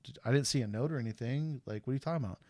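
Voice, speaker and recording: Brief: man in his 30s, casual stream host, lively storyteller who acts out quotes, dry close sound. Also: mid-range voice, racing, no echo. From USA.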